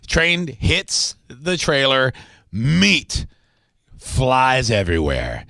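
A man hosting a radio show, telling a story in casual banter with relaxed fillers. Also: medium pitch, extremely slow, vocal fry, no echo, clean studio sound.

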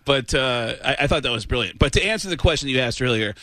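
A man who is a comedian guest in a radio studio, chatting casually and telling animated stories with sudden high-pitched voices for quotes. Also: fast. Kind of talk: casual radio interview chat.

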